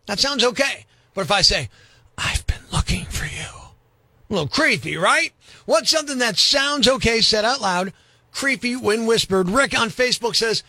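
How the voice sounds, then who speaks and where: High bright-voiced sarcastic radio host man. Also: no echo. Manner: sarcastic, mocking and loud. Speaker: radio morning show host. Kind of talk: brash radio banter. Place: radio studio.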